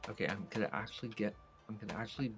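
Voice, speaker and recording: A man's voice: fairly low pitch, very fast. Easygoing man chatting over game music. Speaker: co-player. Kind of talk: casual gaming chat.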